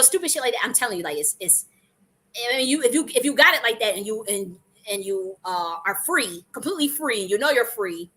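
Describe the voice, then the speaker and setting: A woman's voice: medium pitch, pushed and bright. A woman hosting a live-streamed spiritual talk, speaking casually and animatedly, swearing freely and acting out quoted voices. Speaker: host.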